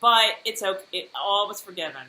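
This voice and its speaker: A woman co-hosting a casual TV recap podcast, talking in an animated way and acting out characters' lines with laughter. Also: medium pitch, brisk. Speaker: podcast co-host. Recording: roomy echo, faint noise.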